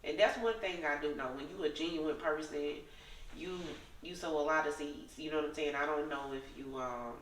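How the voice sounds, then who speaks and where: A man's voice: fairly high pitch, normal speed, recorded from a distance, a little hiss or hum. A man hosting a casual interview who keeps agreeing with his guest and then talks about faith and giving. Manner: affirming, keeps up steady backchannel, preachy when he talks. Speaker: host. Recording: echoey room, set back from the mic.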